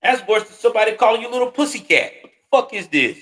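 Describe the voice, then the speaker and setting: Host, male, high-pitched, profane and scornful ranting with sudden loud spikes. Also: animated, quick pace. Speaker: commentary show host. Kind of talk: heated live reaction commentary.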